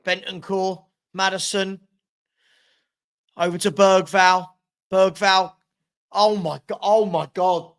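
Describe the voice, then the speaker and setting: A man's voice: high-pitched, little pitch movement, slow, long pauses. A man hosting a live football watchalong, calling the play and groaning at his team while chatting to viewers by name. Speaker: watchalong host.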